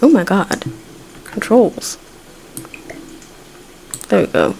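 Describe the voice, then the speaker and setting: A woman's voice: mid-range voice, wildly swooping pitch, very slow, vocal fry, dark tone, a little hiss or hum. A woman giving casual, rambling let's-play commentary as she plays, swearing freely and talking to her game characters. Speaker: gaming video creator.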